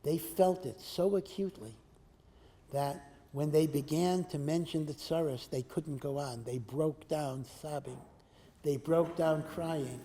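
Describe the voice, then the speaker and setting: A rabbi giving an earnest Torah lecture, asking rhetorical questions and mixing in Hebrew and Yiddish terms. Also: male voice, fairly high pitch, unhurried, mellow. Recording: hall with long reverb.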